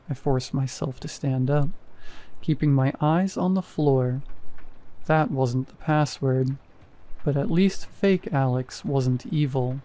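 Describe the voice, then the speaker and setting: A man narrating a first-person horror story in a steady, measured reading. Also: mid-range voice.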